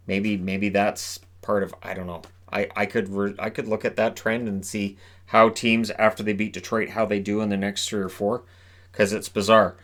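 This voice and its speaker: A man talks through a hockey preview by himself. He rattles off records and scorelines at a steady clip and breaks in with casual, offhand asides. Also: fairly low pitch. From Canada. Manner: chatty, rapid stats rundown with asides. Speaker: hockey commentator. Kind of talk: solo game preview talk.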